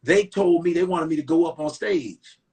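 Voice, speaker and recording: A man's voice: fairly high pitch, normal speed, darkish tone. A middle-aged man from Chicago, a comedian, telling a profane story in casual chat and acting out the quotes. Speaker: comedian guest.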